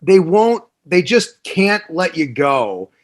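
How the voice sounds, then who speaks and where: Male guest, mid-high voice, relaxed, reflective, keeps saying "you know". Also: slow. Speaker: guest, former wrestler and bouncer. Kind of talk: casual interview chat.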